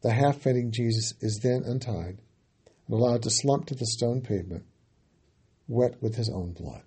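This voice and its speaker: A man giving a dramatic sermon that retells scripture. He gets loud on quoted cries and falls quiet at the ends of lines. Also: medium pitch, normal speed, husky.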